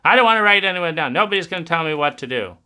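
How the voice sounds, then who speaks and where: A man voicing a frustrated, defiant inner adolescent, talking fast and higher than his usual voice. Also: bright, forceful tone, natural voice. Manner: quick, defiant, higher-pitched outbursts.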